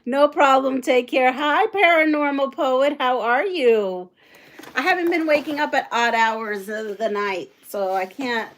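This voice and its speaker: A middle-aged woman hosting a casual livestream, chatty and excitable, greeting viewers and reading their comments aloud. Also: high voice, a little slow. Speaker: livestream host. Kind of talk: casual live chat while unboxing.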